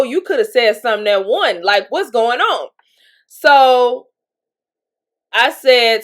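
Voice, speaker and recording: A woman's voice: fairly high pitch, lively intonation, unhurried. A woman vlogger telling a personal story in a candid, chatty way, laughing between lines and sniffling from allergies, with a Southern US accent. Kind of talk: casual storytelling monologue.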